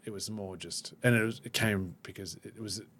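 In a slightly rough recording, a podcast host with a lowish, fairly even and a bit bright voice talks openly about himself. His candid conversation is self-reflective and keeps stopping and restarting.

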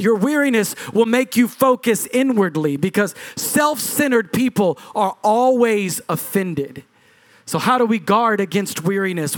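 A middle-aged man preaching a sermon as lead pastor, driving his points with punchy repetition and swings in pitch and loudness.

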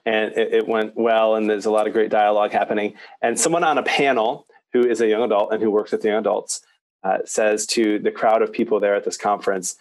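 A man's voice: on the low side, fairly quick. Story-telling man on a podcast. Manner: storytelling, animated. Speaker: podcast co-host, youth minister. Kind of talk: casual chat.

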